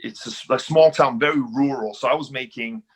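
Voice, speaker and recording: A British man answers interview questions thoughtfully, pausing and repeating words while he gathers his thoughts. His voice sits at a middling pitch for a man. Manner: reflective, hesitant repetitions. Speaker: guest.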